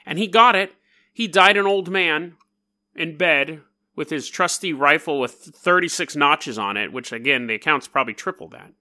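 A man hosting a casual storytelling podcast, talking in an animated, jokey and digressive way. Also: a little high, moderate pace. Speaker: podcast host.

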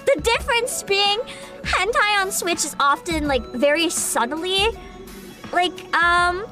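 Woman streamer, casual gaming chat, bright high voice, excitable and giggly. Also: slow, faint music behind. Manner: excitable, giggly, swears freely. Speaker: VTuber streamer.

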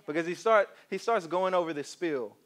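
A male preacher gives a sermon in a fairly high voice. He tells stories with animation and keeps coaxing his congregation to answer back. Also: normal speed. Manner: animated storytelling, coaxes the congregation.

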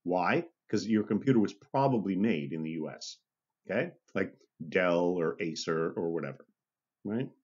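A man's voice: sits low, lively intonation, normal speed, a little mellow, husky, dull audio. A man teaching a university lecture, chatty and checking in with "okay?" and "right?", often restarting and correcting himself. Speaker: university instructor. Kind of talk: recorded online lecture.

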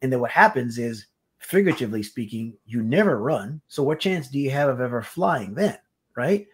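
A man's voice: medium pitch, expressive, normal speed, slightly rough. A man co-hosting a podcast, talking in a reflective way that drifts onto tangents. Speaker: podcast co-host. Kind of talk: casual podcast chat.

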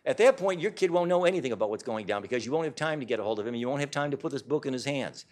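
A man's voice: mid-range voice, lively intonation, racing, darkish tone. A man giving a public talk to a live audience in a hall, speaking in an emphatic, insistent way.

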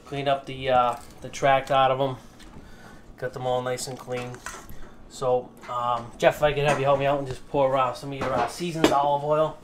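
A man's voice: mid-range voice, flat delivery, moderate pace, slight background noise. A man with a Massachusetts accent cooking at an outdoor grill, cracking dad jokes as he goes. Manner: joking, self-mocking dad jokes. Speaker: cook. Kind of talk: casual cooking chat.

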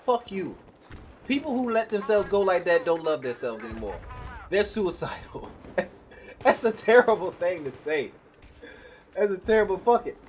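A man's voice: high voice, sing-song, moderate pace, long pauses, a little mellow, slight background noise. A young man ranting bluntly and profanely while commenting on his own gameplay. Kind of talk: live gameplay commentary rant.

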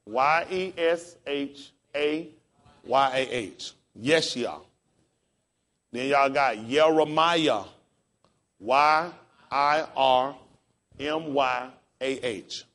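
Slow-talking man teaching, spelling words aloud. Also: medium pitch, a bit bright. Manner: spells words out letter by letter, upbeat and encouraging. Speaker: pastor teaching a class. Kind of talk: casual classroom teaching.

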